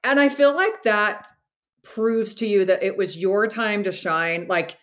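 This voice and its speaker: A woman's voice: medium pitch, unhurried. A woman hosting a podcast, chatting casually and eagerly affirming her guest. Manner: enthusiastic, affirming interviewer. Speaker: podcast host. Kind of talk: casual interview chat.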